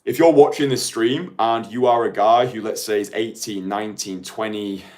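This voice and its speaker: A man's voice: fairly low pitch, steady tone, normal speed, darkish tone. A man in his late twenties, a dating coach talking casually to viewers in a rambling way full of "like". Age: late 20s. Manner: chatty, rambling, heavy use of "like".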